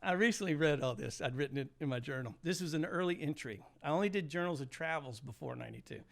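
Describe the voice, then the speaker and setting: Man, 60s, from the United States, gravelly voice, fairly high pitch, animated storyteller, laughs often, casual chat guest. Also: fast. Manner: animated, laughs through his stories. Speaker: guest, former high school teacher.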